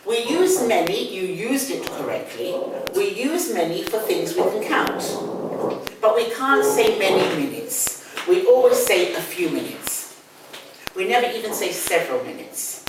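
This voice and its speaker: A woman's voice: medium pitch, big pitch swings, measured pace. An older woman with a London accent teaching English, explaining patiently and repeating key words. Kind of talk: one-on-one language lesson. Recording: echoey room, distant mic, faint noise.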